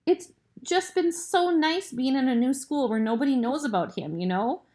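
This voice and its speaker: A woman's voice: high-pitched, lively intonation, moderate pace, a little mellow, pitched above the performer's own voice. A woman reading aloud and voicing an upset teenage girl who snaps defensively and then cries.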